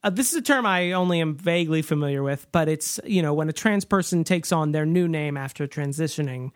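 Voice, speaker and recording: A man's voice: fairly high pitch, fairly quick, no echo, studio quality. A man co-hosting a podcast, recapping a film in a rambling, joking way with lots of ums. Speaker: podcast co-host.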